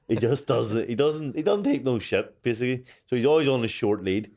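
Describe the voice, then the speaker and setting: A man's voice: mid-range voice, lively intonation, normal speed, darkish tone. A man co-hosting a casual chat, swearing freely and laughing through his stories. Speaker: podcast co-host.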